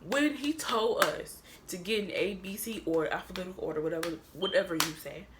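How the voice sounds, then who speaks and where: A young woman vlogger telling a rambling, animated storytime, repeating herself and getting sassy. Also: lowish voice, a little fast, noisy background. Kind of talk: storytime vlog.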